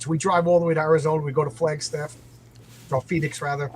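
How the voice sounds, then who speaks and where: A man's voice: on the high side, steady tone, fast, pauses often, soft background music, rough recording. Rambling New York man spinning yarns. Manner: rambling, full of "like" and restarts. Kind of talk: casual storytelling in conversation.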